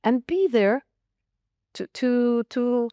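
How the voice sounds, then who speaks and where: A woman's voice: on the high side, expressive, extremely slow, dark tone, clean tone, no echo, clean studio sound. A woman around sixty, a school leader answering interview questions in an emphatic, direct way with short punchy phrases. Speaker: school academic leader, guest.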